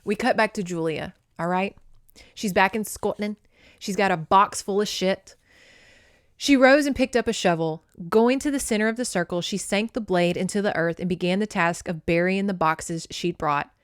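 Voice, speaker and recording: Excitable woman host with an average pitch, cursing freely and chatting as she recaps a novel and reads passages aloud. Close and dry, with no room sound. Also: normal speed, clear, resonant tone, dry recording. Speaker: podcast host. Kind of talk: casual book recap with read-aloud passages.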